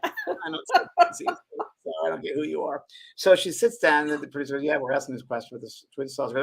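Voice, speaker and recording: A middle-aged man tells a story in casual chat, his voice gravelly and a little husky. His pitch swings widely as he acts out the people he quotes, with frequent laughter. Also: big pitch swings, fast talker. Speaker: medium and show co-host.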